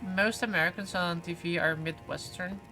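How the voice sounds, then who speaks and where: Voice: medium pitch, normal speed, bright, forceful tone, low-quality recording. Game streamer, live session, casual chat, reads viewer comments, rambling fillers, game music behind. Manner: chatty, reads viewer comments aloud and answers them; frequent "like" fillers and self-corrections.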